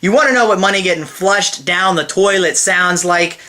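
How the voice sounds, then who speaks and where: High-voiced man ranting, swearing hard. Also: normal speed, bright, forceful tone, a little hiss or hum. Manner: heated, swears constantly, exasperated. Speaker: wrestling event reviewer. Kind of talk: profane ranting review.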